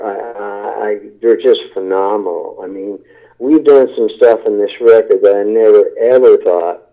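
A rock singer, a man, rambles with enthusiasm in a casual interview, restarting his sentences and filling gaps with "you know". His voice sits fairly low. It comes through a thin, tinny phone line.

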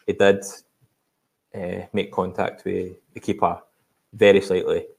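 A man's voice: low-pitched, little pitch movement, measured pace, vocal fry. A Scottish man co-hosting a podcast, chatting casually about football in a rambling, hesitant way with lots of fillers. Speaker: podcast co-host.

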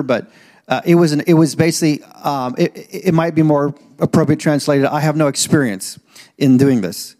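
A male pastor preaching a sermon, emphatic, slowing right down to stress key phrases and swinging from low and measured to loud and rising. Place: church auditorium. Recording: long reverb in a large hall.

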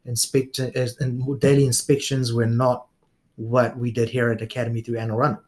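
Middle-aged New Zealand man, relaxed guest storyteller, mid-range voice. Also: mid-range voice, normal speed. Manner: relaxed storyteller, frequent fillers and laughs. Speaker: guest police officer. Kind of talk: casual interview chat.

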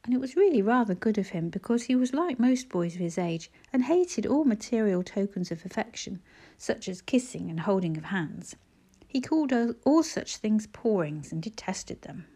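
A woman reads a classic children's story aloud, with a measured, unhurried storytelling manner. Her voice is mellow and dark-toned, soft rather than bright, at a middle pitch for a woman. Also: very animated, slightly rough. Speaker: audiobook narrator. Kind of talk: storybook reading.

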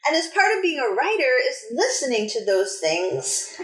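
A woman from New England co-hosting a podcast, telling a story in casual chat with emphatic, animated delivery. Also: high-pitched, moderate pace, reverberant. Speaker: podcast co-host.

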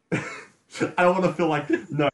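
A man's voice: medium pitch, normal speed. A man co-hosting a casual podcast chat, speaking eagerly and repeating himself as he builds his point. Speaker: podcast co-host. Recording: roomy, echoey sound.

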